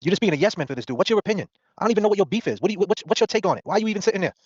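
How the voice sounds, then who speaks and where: Fast-talking confrontational man. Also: high voice, animated, a little mellow, slightly rough, dry recording. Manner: confrontational, mocking, rapid-fire questions. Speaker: host. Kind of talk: heated podcast rant. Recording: dull dry lo-fi audio.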